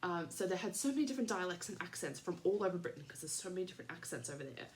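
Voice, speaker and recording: An Australian woman in her thirties talks through her podcast in a loose, rambling way, full of ums and small laughs. Her voice sits a little low for a woman, and it feels like a relaxed, friendly catch-up with listeners. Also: rapid-fire, slight background noise. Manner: rambling, chatty, many fillers and laughs. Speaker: podcast host. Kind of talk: casual chat.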